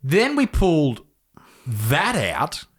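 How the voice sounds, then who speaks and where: A man's voice: fairly high pitch, wildly swooping pitch, takes it slowly, breathy edge. A young Australian man hosting a podcast, telling a story in a laid-back way, swearing a lot and laughing as he goes. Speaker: podcast host. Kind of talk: casual chat.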